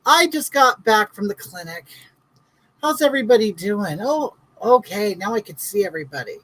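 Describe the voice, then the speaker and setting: A woman's voice: medium pitch, expressive, moderate pace, a bit bright, rough recording. A woman hosting a comedic live stream, chatting in a campy way and greeting viewers by name.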